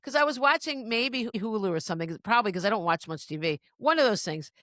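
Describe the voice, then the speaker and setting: A woman's voice: mid-range voice, expressive, quick pace, a bit bright, no room sound, clean studio sound. A middle-aged woman co-hosting a podcast, chatting casually in rambling, restarting sentences and laughing easily. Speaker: podcast co-host. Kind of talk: casual chat.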